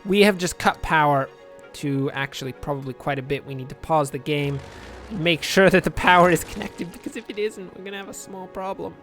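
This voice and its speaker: A man's voice: on the high side, a little fast, fairly bright tone, soft background music. A man giving casual, rambling commentary over a city-building game, joking dryly at his own expense. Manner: dry, rambling, self-mocking humor. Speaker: let's play commentator.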